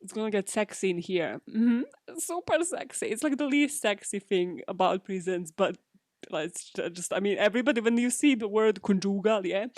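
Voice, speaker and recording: A woman's voice: medium pitch, normal speed, darkish tone, no room sound, clean studio sound. A young British woman hosting a solo podcast in a chatty, giggly way, swearing freely. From Britain. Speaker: podcast host. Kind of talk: casual solo podcast chat.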